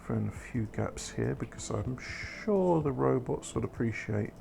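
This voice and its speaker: A man's voice: medium pitch, lively intonation, measured pace, gravelly, dark tone, slight background noise. A man giving casual, rambling commentary while playing a factory-building game, correcting himself and making wry asides. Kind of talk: casual let's-play commentary.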